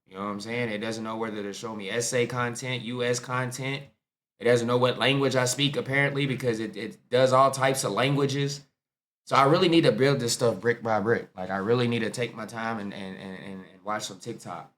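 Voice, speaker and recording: An American man in casual reaction mode, talking straight to his viewers with loose, playful energy. His voice sits at an everyday middle pitch, and his delivery bounces between quick asides and drawn-out jokes. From United States. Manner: animated, playful, talks to viewers as y'all. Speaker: reaction video host.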